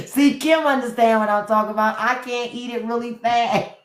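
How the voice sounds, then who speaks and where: A woman's voice: fairly high pitch, normal speed. A woman hosting a live stream in casual chat, candid and laughing, swearing freely. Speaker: livestream host. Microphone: phone during a live stream. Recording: echoey room.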